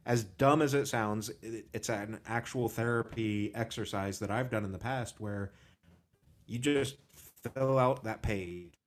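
A man's voice: fairly low pitch, a little slow. A man hosting a podcast, talking frankly and casually about personal struggles and swearing freely. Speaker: podcast host. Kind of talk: candid conversational podcast talk.

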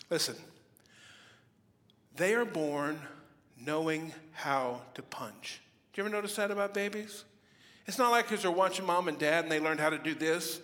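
A middle-aged pastor preaches with a fairly high, lively voice, telling funny stories and slipping into mock voices. His words ring out with a long echo in a church hall. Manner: humorous storytelling, animated with playful mock voices. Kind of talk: sermon. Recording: reverberant hall.

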